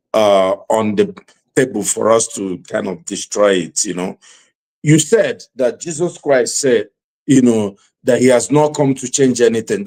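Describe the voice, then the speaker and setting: A man's voice: medium pitch, darkish tone. A man from Nigeria hosting a panel talk show, hedging with lots of "you know" as he steps into the debate.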